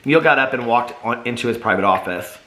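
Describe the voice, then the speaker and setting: A man's voice: medium pitch, lively intonation, brisk, a bit bright, echoey room, slight background noise, low-quality recording. A man reading his own novel aloud in first person, earnest and emotional.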